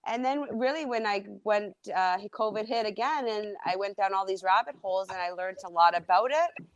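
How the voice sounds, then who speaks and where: An American woman guesting on a podcast, talking casually at an average pitch. Her voice is dry and close to the mic, and she chats freely and laughs easily. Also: dry recording, highs cut off. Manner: chatty, quick to laugh. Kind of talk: casual chat.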